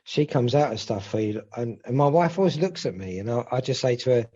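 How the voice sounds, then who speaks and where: A man co-hosting a podcast chats casually, rambling, repeating himself and swearing now and then. His medium-pitched voice is mellow and expressive, and he speaks briskly. The lo-fi audio sounds slightly dull.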